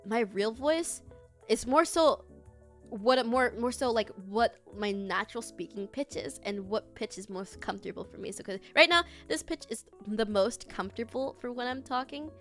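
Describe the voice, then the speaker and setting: A young woman chatting casually as a streamer teaching art, laughing often and jumping her pitch up for emphasis. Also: animated, normal speed, fairly bright tone, faint music behind. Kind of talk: casual chat.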